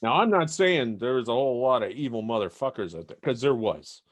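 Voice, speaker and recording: A man's voice: medium pitch, lively intonation, a little fast. A man from Canada co-hosting a podcast, laid-back, swearing freely and laughing often. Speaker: podcast co-host. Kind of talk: casual podcast chat.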